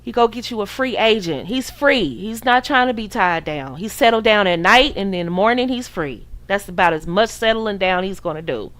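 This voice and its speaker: A woman's voice: medium pitch, lively intonation, moderate pace, hardly any pauses, fairly bright tone. A woman from the United States hosting a podcast, giving casual dating advice in a preachy, sassy way and acting out her listeners' voices. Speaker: podcast host.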